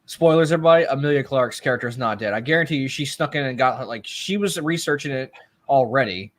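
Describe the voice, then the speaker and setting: A man's voice: mid-range voice, quick pace. Man, casual podcast talk, confident calls, filler-heavy. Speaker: podcast co-host. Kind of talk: casual chat.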